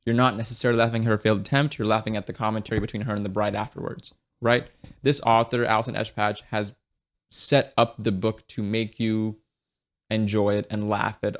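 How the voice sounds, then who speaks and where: Casual male book reviewer: low gravelly voice, flat delivery, blunt and profane. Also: normal speed. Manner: blunt and profane, with frequent restarts.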